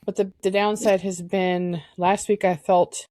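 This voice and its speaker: A woman co-hosting a podcast, talking candidly and reflectively, pausing often to search for words. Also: medium pitch, little pitch movement, mellow, no echo. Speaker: podcast co-host. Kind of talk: candid personal conversation.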